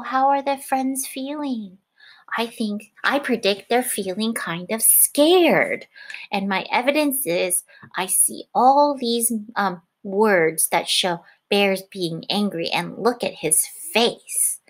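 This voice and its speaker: A young adult woman teacher reading a picture book aloud to her class, expressive, with gasps and questions to the children. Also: medium pitch, takes it slowly. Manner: expressive, gasping, asks questions.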